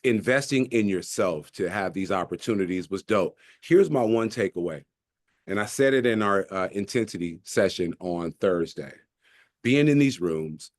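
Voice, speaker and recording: A man's voice: fairly low pitch, no room sound, clean studio sound. A man speaking to his team in a casual, hyped way, full of slang and casual swearing. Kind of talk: casual motivational talk.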